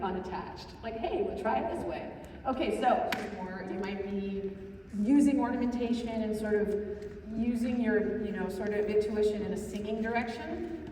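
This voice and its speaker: A woman's voice: mid-range voice, noisy background. A songwriting teacher, a woman, walks her class through each step and keeps checking that they follow. Her voice reaches the mic from a distance. It carries a long, roomy reverb. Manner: explains step by step, often checks with "right?"; sings short example phrases. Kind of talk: workshop lecture. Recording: echoey room from a distance.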